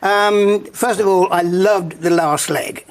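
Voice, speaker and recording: A man's voice: high voice, fairly even intonation, slow pace, slight background noise. An older man chatting as a guest on a talk show, telling anecdotes with laughing asides and stumbling restarts. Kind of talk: casual chat show anecdotes.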